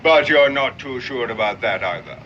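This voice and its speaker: A man's voice: mid-range voice, lively intonation, normal speed, close to an everyday voice. A man playing a sarcastic haughty commodore. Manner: clipped, dry sarcasm. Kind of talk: 1960s television drama acting. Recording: dull old TV soundtrack with background noise.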